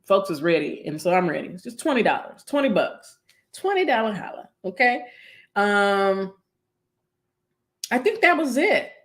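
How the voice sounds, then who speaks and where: A woman's voice: mid-range voice, sing-song, normal speed, long pauses. A woman psychologist talking casually on a live stream, chatty and long-winded, with many fillers and an upbeat, encouraging manner.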